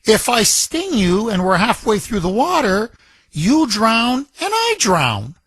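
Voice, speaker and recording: A man's voice: huge pitch swings, takes it slowly, a bit bright, slightly rough, no echo, heavily acted. A man voicing a pleading treacherous scorpion. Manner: pleading, rising high when begging.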